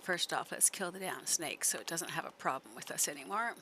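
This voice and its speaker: A woman's voice: sits low, lively intonation, fairly quick, bright, forceful tone, slight background noise. A woman streamer giving chatty live gameplay commentary, laughing often and coaxing her horse along.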